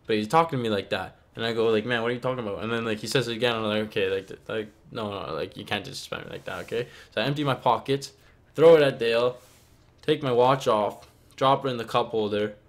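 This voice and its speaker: A man's voice: medium pitch, fairly even intonation, quick pace. A young man telling a story casually, rambling and filling his talk with "like" and "okay?".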